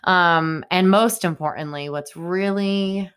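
A young woman talks through a solo podcast episode in a low, unhurried voice. She rambles in a loose stream of consciousness, filling gaps with "um" and "like". Her tone stays upset and indignant throughout. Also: fairly bright tone, clear, resonant tone. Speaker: podcast host. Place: home in Boston.

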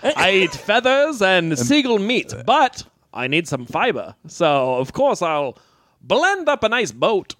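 A man putting on a pompous, mock-formal aristocrat who claims to be from the coast, speaking slowly and grandly. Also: high voice, sing-song, fairly bright tone, dry recording, studio quality, exaggerated voice. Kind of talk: improvised comedy bit.

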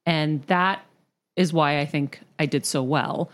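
Low-voiced woman in candid podcast chat. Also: slow. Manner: candid, animated storytelling. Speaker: podcast host.

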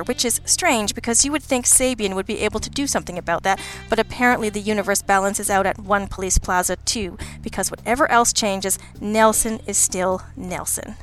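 A woman's voice: medium pitch, a bit bright. Wry woman narrating a story. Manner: wry, dry, ironic. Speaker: audiobook narrator. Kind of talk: scripted first-person narration.

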